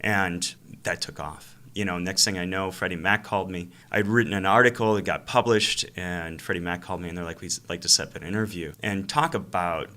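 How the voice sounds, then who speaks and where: Deep, bright-voiced man telling stories. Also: fairly quick, few pauses. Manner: animated storyteller who acts out phone calls. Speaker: real estate investor and coach, interview guest. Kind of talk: casual storytelling in an interview.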